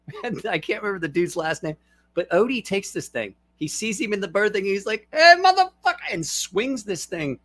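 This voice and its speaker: A man's voice: a little high, a bit bright. A middle-aged man hosting a casual stream from his desk at home, rambling loosely and breaking into laughter while he tells stories. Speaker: channel host. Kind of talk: casual livestream chat and storytelling.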